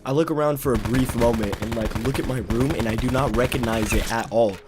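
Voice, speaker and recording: A young man vlogger telling a story in a casual, animated way, full of slang and swearing. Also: medium pitch, a little fast, over music.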